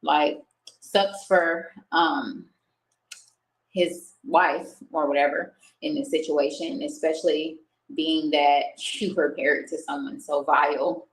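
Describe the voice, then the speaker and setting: A young woman on a home streaming setup tells her viewers a personal story, candid and emotional, swearing freely as she speaks in a casual chat. Her low voice is fairly even and slow, and the recording is rough.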